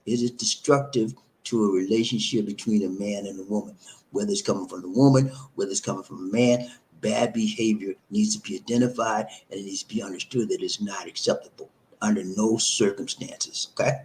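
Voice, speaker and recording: A man's voice: fairly low pitch, steady tone, brisk, a little mellow, slight background noise, poor audio. A man hosting a live stream, giving relationship advice in an emphatic, repetitive, preacher-like cadence. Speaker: host.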